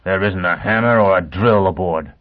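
A man's voice: low voice, moderate pace, close to an everyday voice. A male reader voicing a volatile, hot-tempered young spaceman who talks bluntly and impatiently. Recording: tinny phone-like sound.

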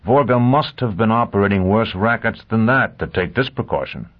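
A man voicing a vengeful, driven man who questions with calm ferocity. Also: fairly low pitch, normal speed, muffled recording, pitched above the performer's own voice. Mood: grim. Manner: cold, intense interrogation.

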